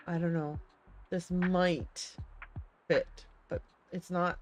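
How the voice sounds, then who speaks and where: A woman's voice: lowish voice, steady tone, unhurried, over music. A woman streamer playing a game, chatty and hesitant as she thinks aloud and reads game text. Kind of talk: let's-play commentary and reading game text.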